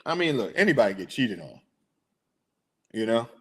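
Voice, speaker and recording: A young man hosting a sports podcast, chatting in a rambling, animated way and answering his listeners. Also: mid-range voice, normal speed. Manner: rambling, animated, talks to chat viewers. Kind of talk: casual chat.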